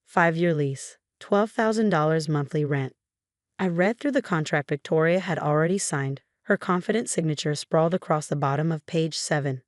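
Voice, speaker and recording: A woman reading a first-person family drama story in a calm, even narration. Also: low voice, no room sound, studio quality.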